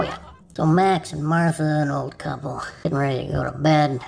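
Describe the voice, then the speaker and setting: A woman telling jokes in a casual way, with a gravelly voice, often breaking into laughter. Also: deep voice, fairly even intonation, moderate pace, noisy background. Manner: breaks into laughter mid-joke. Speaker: joke teller.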